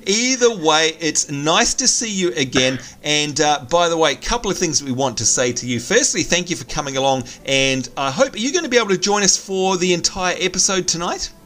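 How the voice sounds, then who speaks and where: A man hosting a gameplay video with casual, excitable, teasing chatter. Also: fairly high pitch, fairly quick, hardly any pauses, soft background music. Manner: excitable, teasing, laughs often. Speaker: let's play host. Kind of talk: casual gaming commentary.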